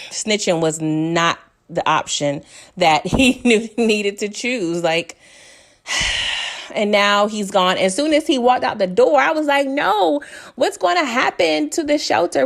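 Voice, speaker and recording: A woman giving a casual, chatty recap of a TV episode. She laughs often and fills her talk with "you know". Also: mid-range voice. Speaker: TV recap host.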